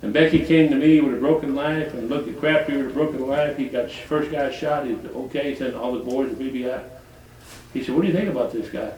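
A man's voice: mid-range voice, fairly even intonation, fast, a little mellow, a little hiss or hum. An older man from Detroit preaching a folksy, colloquial sermon full of rambling stories and chuckles. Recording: echoey hall from far off.

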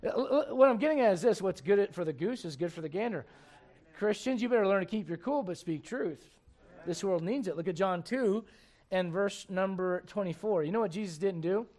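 A man's voice: high voice, animated, brisk, darkish tone. A man preaching a sermon in an emphatic, conversational way, full of rhetorical questions.

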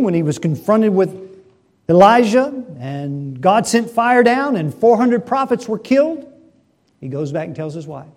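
A middle-aged man preaching a sermon, swinging between emphatic and hushed delivery. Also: high voice, slightly rough. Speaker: pastor.

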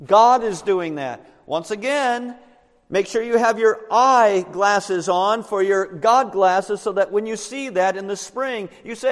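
A man preaches in a high voice, explaining scripture verse by verse. He often turns to the congregation with questions. His voice carries a long reverb from a church sanctuary. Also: measured pace. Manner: explanatory, asks the listeners questions. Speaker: pastor. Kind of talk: sermon.

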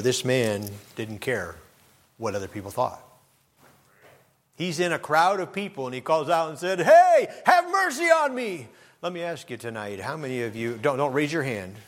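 A middle-aged male pastor preaching a sermon, swinging from low, earnest talk up to loud, impassioned outbursts. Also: normal speed. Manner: preacherly, rises to loud impassioned shouts when quoting.

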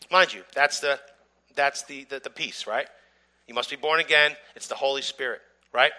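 A man preaching as a guest, giving a personal testimony in an earnest, halting way that builds to emphatic urging. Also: medium pitch, sharp tone. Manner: earnest, halting with repeated restarts, rising to emphatic exhortation.

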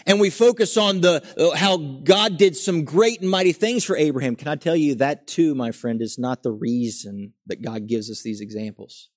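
A man's voice: on the high side, normal speed, few pauses. Earnest preacher man, rising emphasis. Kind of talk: sermon.

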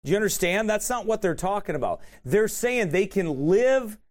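A man's voice: high voice, moderate pace. A man preaching a sermon, retelling an encounter in a colloquial, emphatic way and repeating key points. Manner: animated, colloquial, emphatic repetition.

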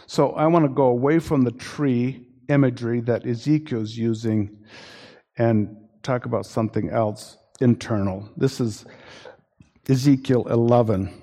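A man preaching a sermon in an earnest, warning tone, often stopping and restarting mid-sentence. His voice sits at a middling pitch for a man. It rings out in a large church hall with a long reverb. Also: unhurried, mellow. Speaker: pastor.

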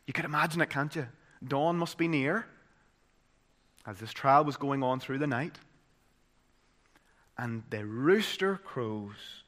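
A man with a Northern Irish accent preaching a sermon, moving from loud, dramatic emphasis to hushed, solemn tones. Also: mid-range voice, big pitch swings, takes it slowly, long pauses.

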